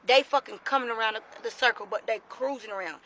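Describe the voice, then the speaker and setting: A woman telling a story to her phone camera in a casual, animated, profane way. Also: a little high, quick pace, lo-fi sound. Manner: animated, profane, dramatic retelling.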